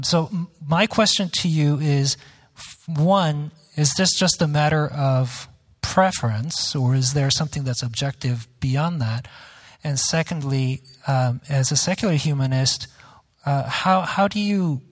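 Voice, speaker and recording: A man moderating a debate, putting questions to a panelist with many halting restarts. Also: on the high side. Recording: long hall reverb.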